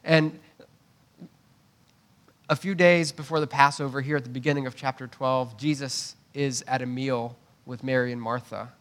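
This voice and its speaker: Preaching in a mid-range, slightly bright voice, this man keeps his intonation fairly even and his speed normal. He is a pastor who talks conversationally, slips in asides, repeats words when restarting, and asks "right?" to check in.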